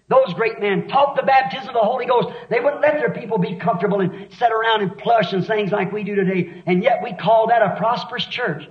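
A man preaching a sermon with fervent, rapid delivery that rises into shouts. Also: very high voice. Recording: echoey dull lo-fi sermon recording.

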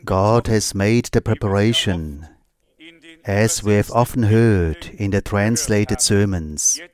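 A man delivers a sermon at a deliberate, unhurried pace, leaving space between short phrases. His voice sits on the lower side, with a steady preaching cadence into a pulpit microphone.

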